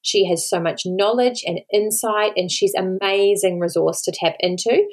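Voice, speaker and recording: Earnest Australian mum with a gravelly edge. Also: female voice, mid-range voice, moderate pace. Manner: earnest, pleading, repeats words for emphasis. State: emotional, near tears. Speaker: podcast host. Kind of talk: solo podcast talk.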